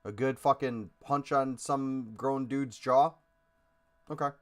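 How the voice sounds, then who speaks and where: A man's voice: medium pitch, steady tone, slow. A man with a mid-range voice speaks in a blunt, profane way on a casual podcast. He jokes around and reasons things out with his co-host. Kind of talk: casual chat.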